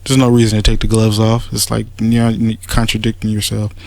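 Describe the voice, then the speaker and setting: A man's voice: on the low side, completely flat delivery, brisk, creaky, darkish tone, dry recording. A man giving a mocking, rambling spoken rebuttal, sarcastic and full of restarts. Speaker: commentator making a response audio.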